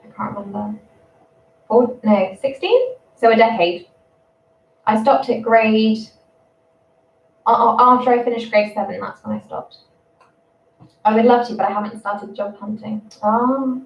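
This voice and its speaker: A young English woman in her twenties, a primary school teacher chatting casually on a livestream, rambling and quick to laugh. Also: on the high side, steady tone. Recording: roomy, distant, dull sound.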